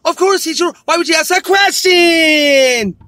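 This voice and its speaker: A loud little cartoon schoolgirl, mimicked by a man, shouting brightly with a high, piercing tone. Each sentence ends with a sharp upward lift. The sound is close and dry. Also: unhurried, dry recording, exaggerated voice. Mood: chirpy. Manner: raises pitch at end of every sentence; shrill and shouting.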